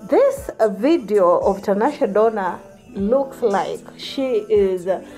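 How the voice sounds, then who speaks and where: A woman's voice: mid-range voice, animated, slow pace, mellow, faint music behind. A woman hosting a celebrity gossip vlog, sassy and teasing, often saying honey.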